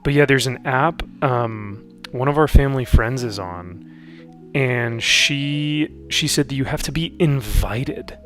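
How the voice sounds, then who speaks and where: A man's voice: medium pitch, measured pace, fairly bright tone, soft background music. A man hosting a casual livestream, chatting while building models, with lots of hesitant ums and restarts. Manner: rambling, hesitant with frequent ums. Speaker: livestream host. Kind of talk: casual hobby-stream chat.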